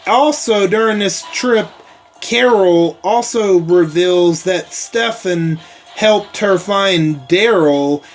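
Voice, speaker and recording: A man hosting a casual TV episode recap, rambling along with lots of "like" and "uh" fillers and some casual swearing. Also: high-pitched.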